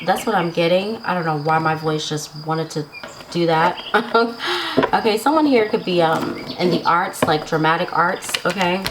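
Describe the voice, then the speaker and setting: A woman's voice: on the low side, moderate pace, background noise. A woman giving a casual tarot reading to her viewers, chatty and laughing often, checking in with "right?" and "okay?". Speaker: tarot reader.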